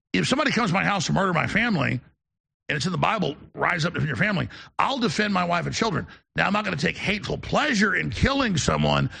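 Gravelly, preachy man talking fast. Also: high-pitched, sharp tone. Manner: preachy, rambling, self-interrupting. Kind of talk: casual political chat.

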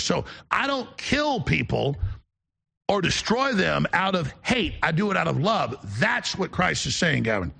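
A man with a gravelly voice in casual chat, preaching in long rambling runs that stop and restart. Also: a little high, big pitch swings, unhurried, pushed and bright. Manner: preachy, rambling, self-interrupting.

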